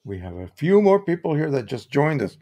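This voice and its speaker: A man's voice: a little high, sing-song, fairly quick, muffled recording. Chatty American man hosting a live tutorial. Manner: chatty, explains with examples, frequent restarts. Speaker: live stream host. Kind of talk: casual live-stream tutorial.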